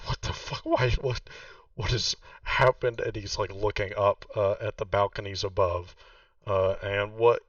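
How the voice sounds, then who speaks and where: Low-voiced male game master, casual and rambling, on a distant muffled mic. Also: pushed and bright, dry recording. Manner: casual, filler-heavy, laughing. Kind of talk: narrating a tabletop game.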